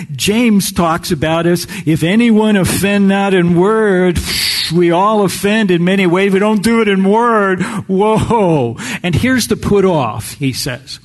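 A man preaching a sermon in a slow, folksy storytelling way, often clearing his throat. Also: sits high, in a large hall.

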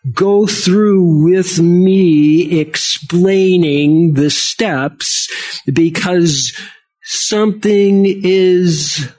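An older male pastor delivering a sermon at an unhurried, deliberate pace. His voice sits high for a man, and he keeps it conversational, pausing for asides and checking in with his listeners. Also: a little mellow.

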